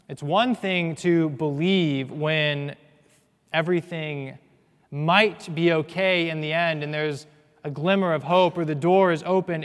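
Earnest preacher in a reverberant hall. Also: male voice, a little high, smooth. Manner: earnest, swings from hushed to loud and emphatic. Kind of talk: sermon. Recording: long reverb of a large hall.

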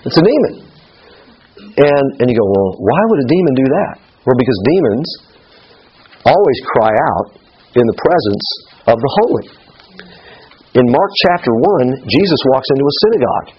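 A man's voice: medium pitch, very animated, moderate pace, pauses often, husky. A middle-aged man teaching a Bible study lesson in a conversational way, often checking in with his listeners, in a slightly muffled recording.

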